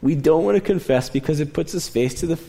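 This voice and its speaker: A young adult man preaching a sermon in a conversational way, moving between raised, emphatic lines and quiet, low asides. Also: quick pace, gravelly. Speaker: pastor.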